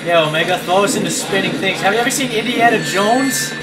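A man's voice: high-pitched, expressive, brisk. A man joking around and bantering while playing a video game with a friend. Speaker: let's play co-host. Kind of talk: casual game commentary. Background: loud video game music.

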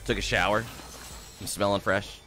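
A man's voice: fairly low pitch, fairly even intonation, normal speed, sharp tone. A man streaming a game live, swearing freely and greeting his chat by name.

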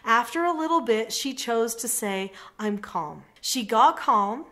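A middle-aged woman leads a parenting lesson, talking straight to the viewer. Her voice sits a touch high, and she is earnest and encouraging as she walks through a story from her coaching work. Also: animated, a little slow, sharp tone. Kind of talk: direct-to-camera parenting lesson.

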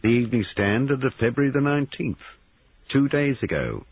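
A man voicing a brisk, persistent police sergeant investigating a murder in a storybook reading. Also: mid-range voice, animated, slightly rough, no echo, pitched above the performer's own voice. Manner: persistent and formal. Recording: tinny band-limited recording.

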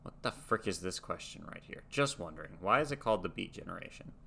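A man's voice: deep voice, animated, fast talker, gravelly, sharp tone, a little hiss or hum. A young American man casually reading facts aloud and musing, hosting a reaction video. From United States. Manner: reads facts aloud, muses and trails off.

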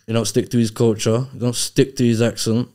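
A man's voice: mid-range voice, level tone, brisk, dark tone. A man being interviewed as a guest rapper, talking bluntly in casual chat with heavy street slang. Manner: blunt, street slang, says "bro" and "innit" a lot.

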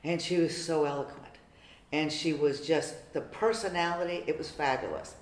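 A woman's voice: low voice, steady tone, normal speed. An older woman telling her personal story in a heartfelt, chatty way during a church interview. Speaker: parishioner. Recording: roomy church echo.

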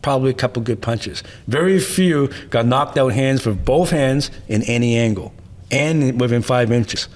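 A man's voice: medium pitch, normal speed, a little mellow. Emphatic man telling martial arts stories. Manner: emphatic, tags points with "right?"; repetitive rhetorical lists. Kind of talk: interview storytelling.

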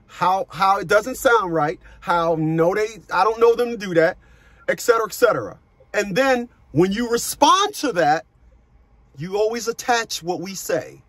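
Middle-aged male coach, high pitch, forceful and profane, repeats himself, dry recording. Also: dry recording. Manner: forceful, profane, repeats words when starting sentences. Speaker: child support advocate and coach. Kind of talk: phone consultation with a caller.

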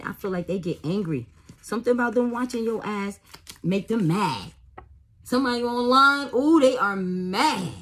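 A woman's voice: on the low side, darkish tone, breathy edge. A woman doing a casual tarot reading, profane and exclaiming, with frequent laughter. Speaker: tarot reader.

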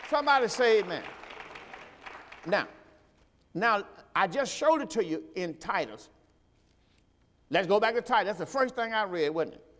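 A man preaching a sermon in a high, ringing voice, pausing for his congregation to answer back. His voice climbs and grows louder when he presses a point. The sound carries a long reverb, like a church sanctuary. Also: expressive, some chatter behind. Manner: preaching with call-and-response to the congregation; rises in pitch and volume when stressing a point. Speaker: pastor; host.

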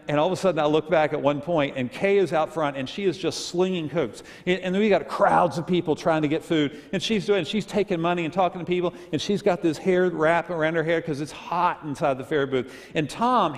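A man preaching a sermon in a church sanctuary, telling folksy humorous stories and leading the congregation in reading aloud. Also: high-pitched. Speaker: pastor. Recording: echoey church hall.

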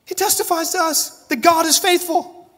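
Male pastor, impassioned sermon, high ringing voice, long church reverb. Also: fairly even intonation, moderate pace, pushed and bright. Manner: impassioned preaching, acts out voices of biblical figures. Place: church sanctuary.

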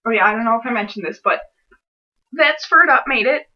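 A woman's voice: on the high side, lively intonation, brisk, highs cut off. A young woman vlogging an unboxing at home, gushing and giddy, with lots of filler words. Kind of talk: excited unboxing vlog.

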